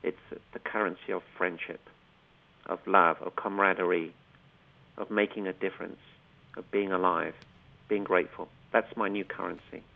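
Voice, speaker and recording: Gravelly man on a tinny phone line. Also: sits low, steady tone, moderate pace. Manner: earnest, emotional, repeats words for emphasis. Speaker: guest, inspirational coach. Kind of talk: heartfelt storytelling interview.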